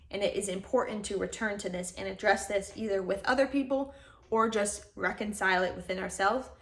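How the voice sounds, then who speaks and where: A woman's voice: medium pitch, gravelly. A young woman hosting a casual self-help talk to camera, reflective and conversational, with frequent fillers and restarts. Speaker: host.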